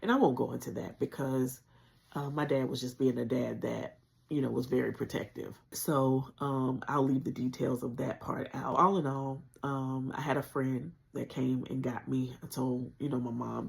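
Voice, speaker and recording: A woman telling a painful personal story on a livestream, speaking earnestly and conversationally with deep spiritual conviction. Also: level tone, normal speed, vocal fry. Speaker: channel host sharing a personal story.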